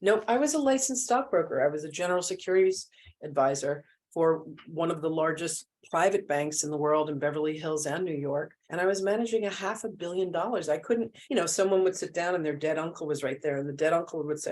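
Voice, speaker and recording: A low-pitched woman speaks as a guest in a candid conversation. She tells her stories vividly, slipping into the voices of the people she quotes. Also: fast. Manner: animated storyteller who acts out quoted voices. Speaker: guest, spiritual healer and channeler.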